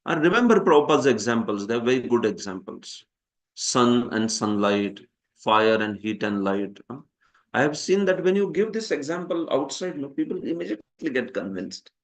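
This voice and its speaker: His pitch swings widely around a mid-range center, and he talks at an ordinary pace. This Indian-accented Hindi speaker leads a scripture class as a lecture with questions, frequently tossing a "huh?" at students and chuckling at his own humor.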